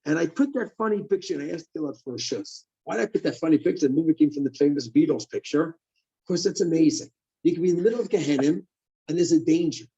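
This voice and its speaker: A man giving a sermon as a rabbi, lively and asking and answering his own questions. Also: fairly high pitch, quick pace, creaky, muffled recording.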